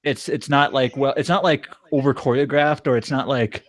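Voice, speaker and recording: A man's voice: mid-range voice, fairly even intonation, moderate pace, no room sound. A man co-hosting a podcast in casual chat, rambling with lots of fillers and restarts. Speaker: podcast co-host.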